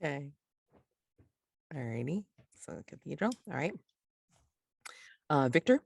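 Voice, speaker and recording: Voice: mid-range voice, sing-song, slow pace, creaky, breathy edge, dry recording. A game master casually running a tabletop role-playing game, explaining rules with many fillers and restarts.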